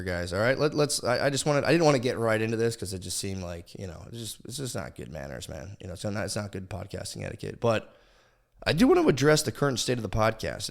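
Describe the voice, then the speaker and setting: With a medium-pitched voice marked by vocal fry, a man hosts a podcast in casual chat. He rambles, jokes at his own expense, swears a lot and frequently restarts sentences.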